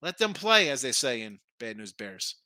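A man's voice: mid-range voice, big pitch swings, normal speed, bright, forceful tone, no room sound. Middle-aged male betting host, rambling and opinionated, dry close sound. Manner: rambling, opinionated, with frequent restarts. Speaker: sports betting show host. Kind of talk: casual sports betting talk.

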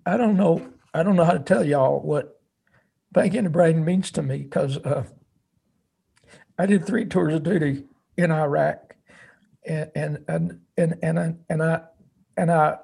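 A man imitating a tearful young male army veteran who talks in halting, emotional bursts with plain folksy grammar. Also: a little high, gravelly, mellow, breathy edge, exaggerated voice. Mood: choked up.

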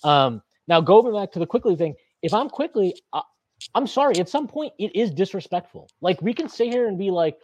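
A man's voice: high voice, very animated, fairly quick, slightly rough, no echo. A man co-hosting a sports podcast, talking in a casual, opinionated rant that keeps restarting and swearing. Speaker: podcast co-host.

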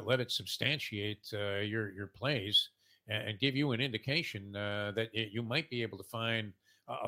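A man's voice: on the low side, sharp tone. A man hosting a sports betting talk show, rambling with many fillers and emphatic lifts.

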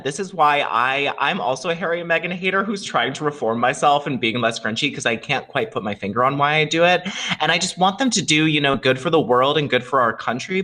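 A man's voice: medium pitch, pushed and bright. A man co-hosting a gossip podcast, wry and joking as he steers the talk. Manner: wry, joking, leads topic changes. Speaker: podcast co-host. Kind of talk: casual celebrity gossip chat.

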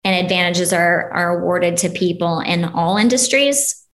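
A woman from Ohio, a guest on a podcast, talking in a relaxed, chatty way and laughing easily. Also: on the low side, normal speed. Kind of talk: casual chat.

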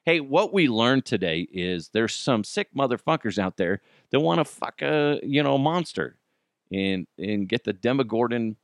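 A man's voice: deep voice, expressive, normal speed, dry recording, clean studio sound. A man hosting a podcast, ranting casually and profanely about the news and laughing at his own jokes. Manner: ranting, swears a lot, laughs. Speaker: podcast host.

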